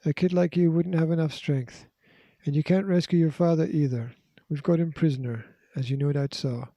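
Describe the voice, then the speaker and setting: A man voicing a menacing, armed male villain who makes harsh, forceful threats, in a storybook reading. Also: a little high, steady tone, moderate pace, no room sound, muffled recording. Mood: scornful.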